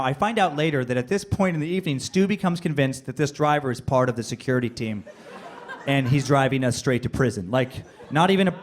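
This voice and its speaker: A man doing stand-up, telling a rambling, profane story with fillers and bursts of high yelling when he acts out moments. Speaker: stand-up comedian. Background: audience laughter.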